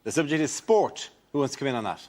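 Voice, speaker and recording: A man hosting a panel show, briskly linking one comedian to the next. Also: medium pitch, sing-song. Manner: brisk, businesslike links between acts. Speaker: game show host. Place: TV studio with audience. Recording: loud hiss and audience noise.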